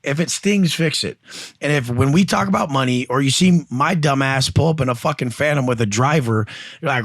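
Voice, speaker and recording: On a podcast, a man coaches and tells stories in a blunt, profane, casual style, acting out other people's voices. His medium-pitched voice is brisk and fairly bright, recorded in clean studio sound with no room sound.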